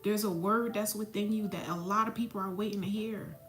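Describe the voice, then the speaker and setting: A woman's voice: mid-range voice, fairly even intonation, a little fast, a bit bright. A woman spiritual mentor giving a blunt, profane, preachy motivational talk. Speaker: spiritual mentor and psychic medium. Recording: echoey room, faint music behind.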